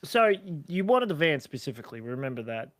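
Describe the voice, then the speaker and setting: A man's voice: medium pitch, sing-song, fairly quick. A man, co-hosting a casual podcast chat, chatty and rambling with frequent laughs and restarts. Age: 30s. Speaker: podcast co-host.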